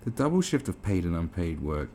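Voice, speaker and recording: A man's voice: low-pitched, sing-song, a little fast, mellow, a little hiss or hum. A British man ranting in disbelief as he reads and reacts to an article, swearing often. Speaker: commentary host. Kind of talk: reaction commentary.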